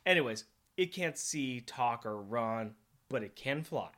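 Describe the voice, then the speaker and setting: A man's voice: medium pitch, expressive, slow pace, fairly bright tone. A middle-aged man co-hosting a casual comic book podcast, enthusiastic and jokey, laughing often. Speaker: podcast co-host.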